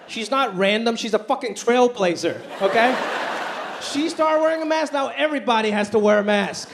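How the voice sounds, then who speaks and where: A man performing a stand-up comedy routine on stage, animated and putting on voices for the people in his stories. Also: very high-pitched, fairly quick, vocal fry, background noise. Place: stage before a laughing audience. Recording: live show with crowd laughter.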